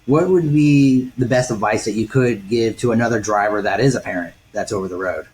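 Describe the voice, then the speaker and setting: A man hosting a podcast, asking rambling questions full of fillers in a relaxed interview. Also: lowish voice, brisk, a little hiss or hum, low-quality recording. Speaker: podcast host.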